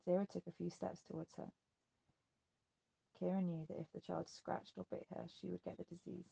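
A woman narrating a novel in an even, measured audiobook reading. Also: fairly low pitch, vocal fry, breathy edge. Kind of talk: scripted narration.

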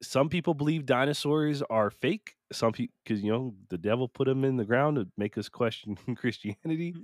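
A man's voice: medium pitch, moderate pace, no echo, studio quality. Rambling self-mocking man. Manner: rambling, self-mocking, acts out what he told himself. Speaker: podcast co-host. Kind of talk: casual podcast chat.

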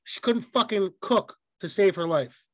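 High-voiced man swearing through casual chat. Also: measured pace, dry recording. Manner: profane, animated storytelling with acted quotes. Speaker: podcast co-host.

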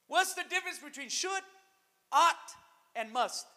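High-voiced preaching pastor in echoing hall. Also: male voice. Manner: preaching, swings to shouted emphasis, calls out to the church. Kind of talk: sermon. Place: church. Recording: long reverb of a hall.

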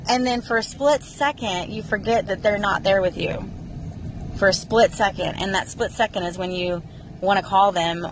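A woman in her thirties talks to her viewers in an emotional, rambling way, sighing now and then. Her voice sits at a middle pitch. The steady hum of a moving car can be heard clearly behind her. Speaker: vlogger. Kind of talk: casual personal chat to viewers. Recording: clear vehicle noise behind the voice.

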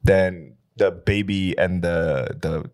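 A man hosting a podcast in casual chat, animated and laughing often, with plenty of fillers. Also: low voice, takes it slowly. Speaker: podcast host.

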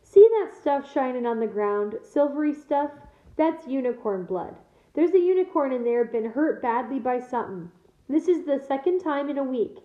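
A woman reading aloud to her class and voicing a gruff, commanding half-giant gamekeeper with blunt country speech, in an echoey room heard over a thin, phone-like line. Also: high voice, lively intonation, normal speed, mellow. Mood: instructing.

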